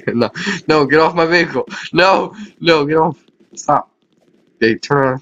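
A man's voice: a little high, measured pace, fairly bright tone, highs cut off. A man giving casual, self-mocking let's-play commentary on a game, talking to viewers and laughing often. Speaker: gaming YouTuber.

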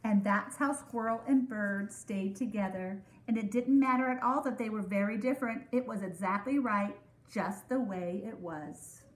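A woman teacher reading a children's storybook aloud in a measured way. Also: medium pitch. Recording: echoey room.

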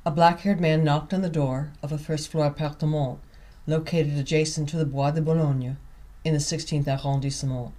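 Mellow, unhurried male author narrating. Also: fairly high pitch, flat delivery. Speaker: author reading his novel. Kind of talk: audiobook narration.

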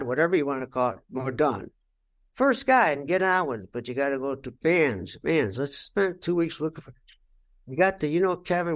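A man's voice: fairly high pitch, a bit bright. An older man giving a candid interview, telling stories bluntly and with a lot of swearing, and acting out what he said back then. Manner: blunt, profane, acts out his own past remarks. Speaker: rock guitarist interviewed.

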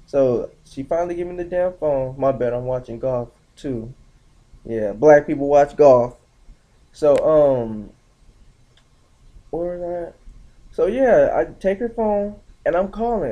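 Slangy, animated young man telling a story. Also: fairly high pitch, a little slow, highs cut off. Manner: animated, slangy, acts out quotes in shifting voices. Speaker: vlogger. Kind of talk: casual storytelling vlog.

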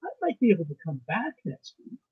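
A man's voice: sits high, sing-song, fairly quick, husky, phone-quality sound, full character voice. A man voicing a placid, stubborn old peasant housekeeper woman with rustic grammar, reading a ghost story aloud. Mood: evasive.

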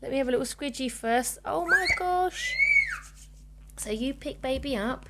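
A woman's voice: high voice, animated, moderate pace, heavy background noise. A woman in her thirties, a mother filming an unboxing with her daughter, gasping and exclaiming with delight. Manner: gushing, keeps gasping and exclaiming. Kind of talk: excited unboxing vlog.

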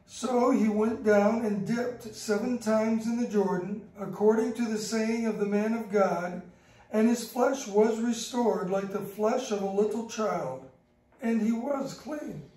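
A woman giving a slow, measured liturgical Bible reading in church. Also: a little high, mellow. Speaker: scripture reader. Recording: echoey church from far off.

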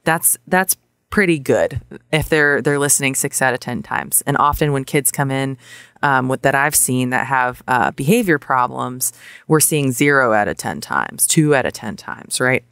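Woman psychologist rambling through an explanation, clean smooth voice, dead dry studio sound. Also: extremely low pitch, normal speed, a bit bright, no echo. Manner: explanatory, full of fillers and self-corrections. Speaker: child psychologist and book author. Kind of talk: podcast interview answer.

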